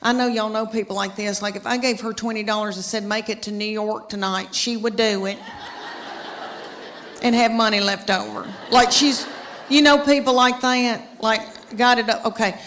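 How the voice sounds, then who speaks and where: A woman's voice: on the high side, steady tone, moderate pace, a bit bright, big-room sound, slight background noise. A middle-aged woman doing stand-up comedy, telling family stories in a chatty, drawling way. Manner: chatty storytelling with drawled asides. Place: comedy stage with live audience.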